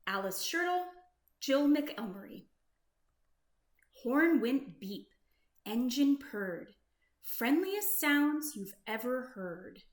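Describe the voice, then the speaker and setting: Slow sing-song woman reading a storybook. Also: high voice. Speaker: children's book reader. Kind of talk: read-aloud storybook narration. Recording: roomy echo.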